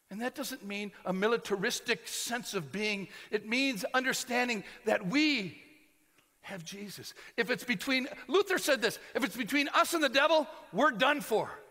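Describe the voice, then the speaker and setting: An American man preaches with a high, bright voice that carries through a large hall with long reverb. He swings from loud proclamation down to hushed, almost whispered lines. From United States. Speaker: pastor. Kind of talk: sermon.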